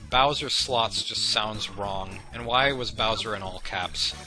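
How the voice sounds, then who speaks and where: A man's voice: fairly low pitch, a little slow. Young man, rambling let's play commentary, self-deprecating, game music playing underneath. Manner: meandering, self-deprecating, chatty tangents.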